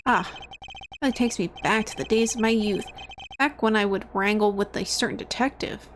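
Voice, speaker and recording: A woman's voice: mid-range voice, moderate pace, noisy background, lightly acted. A woman reading aloud as a sentimental, jovial old male chairman in a video game, gushing and theatrical. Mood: nostalgic.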